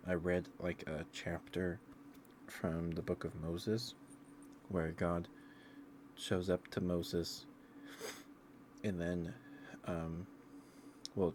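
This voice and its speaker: A man's voice: deep voice, noisy background. A sleepy man in a casual ASMR stream, telling a meandering story in a loose, rambling way.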